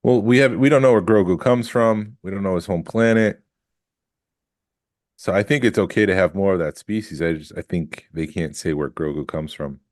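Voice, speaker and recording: A man's voice: deep voice, moderate pace, no echo. A man co-hosting a podcast, chatting casually in a dry, matter-of-fact way. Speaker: podcast co-host. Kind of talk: casual chat.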